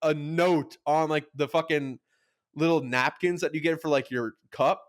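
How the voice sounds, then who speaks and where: A man's voice: fairly high pitch, steady tone, moderate pace. A young man co-hosting a podcast, telling a story in casual chat, rambling with lots of "like", swearing and acting out quotes. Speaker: podcast co-host.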